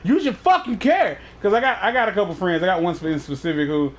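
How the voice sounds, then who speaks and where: A man's voice: sits high, lively intonation, fast talker. A man hosting a casual chat, talking in a profane, rambling way with many restarts. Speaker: podcast host.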